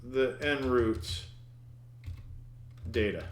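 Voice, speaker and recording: Extremely slow and mid-range, a programming instructor's voice fills an echoey room, with a little hiss or hum underneath. In this screen-recorded coding lesson he thinks aloud, grumbles at the code, and begins his sentences again.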